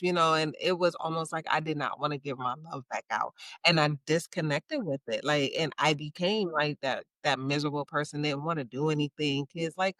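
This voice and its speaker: A middle-aged woman who hosts a heartfelt chat. Her voice is bright and forward, and it sounds dry and close to the mic. She is encouraging and expressive, and jumps up in pitch when she acts out voices. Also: moderate pace, no room sound. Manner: warm, encouraging, expressive storyteller. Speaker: podcast host. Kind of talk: casual chat.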